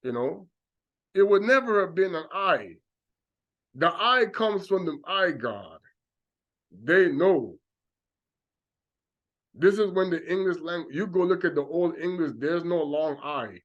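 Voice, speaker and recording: Slow-talking high-voiced male preacher, muffled. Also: animated. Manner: acts out mocking voices of doubters. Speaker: religious teacher. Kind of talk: informal sermon.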